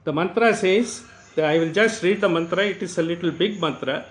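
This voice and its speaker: A man's voice: high voice, low-quality recording. Older man, raised voice. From South India. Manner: unhurried, often says "you know"; chants verses slowly. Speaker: teacher of scripture. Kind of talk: spiritual discourse.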